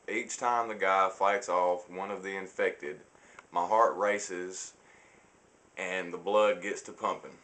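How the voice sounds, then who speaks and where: Young guy doing his class speech, lowish voice, kinda formal, stumbles now and then. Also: fairly bright tone. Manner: formal, slightly halting delivery with restarts. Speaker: student giving a class speech. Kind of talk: prepared persuasive speech.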